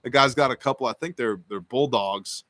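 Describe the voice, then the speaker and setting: A man's voice: medium pitch, normal speed, fairly bright tone. A man hosting a live stream Q&A, reading viewer questions aloud and answering them in a casual, joking, rambling way. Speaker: host.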